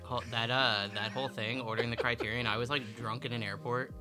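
A man's voice: medium pitch, fairly even intonation, fairly quick, over music. A young man co-hosting a podcast, laid-back and defensive, laughing and using lots of fillers in casual banter. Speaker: podcast co-host.

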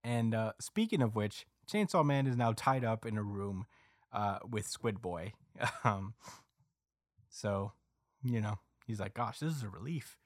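A man with a lowish voice recaps a comic chapter for his podcast co-hosts, rambling and filling pauses with "uh" and "um." The sound is dry and close, with no room around it. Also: dry recording. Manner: rambling recap with many fillers, acting out quotes. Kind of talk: casual chat.

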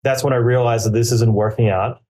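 A man talks casually in a podcast interview, his voice dark and mellow. He rambles through his advice with plenty of fillers and slips into quoted inner dialogue as he goes. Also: medium pitch, steady tone, brisk. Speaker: podcaster giving career advice.

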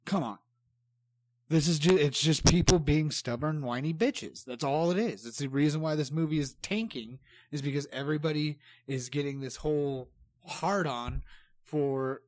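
A man's voice: on the high side, normal speed, darkish tone, dry recording, studio quality. A man co-hosting a casual podcast, ranting heatedly and swearing, rambling from point to point. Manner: heated, profane, rambling rants. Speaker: podcast co-host.

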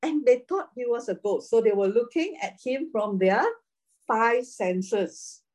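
A woman leads a casual Bible class. Her voice is mellow and a little husky. She talks in a chatty way, laughs a lot and keeps tagging her points with "right?". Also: a little high, lively intonation, unhurried, poor audio.

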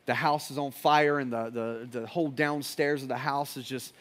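A man preaching a sermon, telling a story, building to loud urgent peaks and dropping to hushed, earnest lines. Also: medium pitch, steady tone, moderate pace. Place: church service with live audience.

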